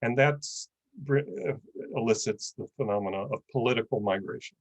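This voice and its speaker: A man's voice: mid-range voice, moderate pace, dry recording, low-quality recording. Man giving an academic talk. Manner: thoughtful, with many fillers. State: losing his voice. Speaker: conference panelist. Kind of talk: academic presentation.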